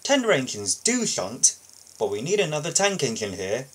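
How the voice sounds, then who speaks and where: Man voicing a stern railway boss, blustering, husky, swinging pitch, storybook reading. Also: wildly swooping pitch, normal speed. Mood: firm. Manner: firm, blustering and commanding.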